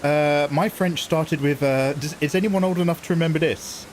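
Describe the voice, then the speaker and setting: A man's voice: on the high side, normal speed, a little hiss or hum, low-quality recording. A man chatting casually with viewers during a live game stream, playful and joking with a lot of laughter. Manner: playful, jokey, laughing often, hamming up mangled French. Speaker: game livestreamer.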